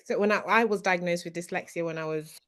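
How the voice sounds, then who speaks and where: A woman's voice: fairly low pitch, fairly even intonation, fast talker, a bit bright. A woman speaking as a panelist in a casual podcast discussion, earnest and often restarting her sentences. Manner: earnest, restarts often, stresses key words.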